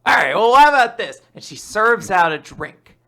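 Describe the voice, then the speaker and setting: A man casually recapping a manga chapter on a podcast, acting out characters' lines in quick put-on voices. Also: sits high, big pitch swings, bright, forceful tone. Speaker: podcast co-host.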